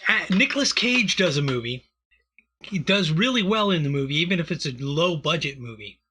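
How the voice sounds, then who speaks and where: A man's voice: a little high, lively intonation, brisk, bright, forceful tone, a little hiss or hum. A man co-hosting a comedy podcast, rambling through a movie recap in casual, profane chat full of fillers. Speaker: podcast co-host.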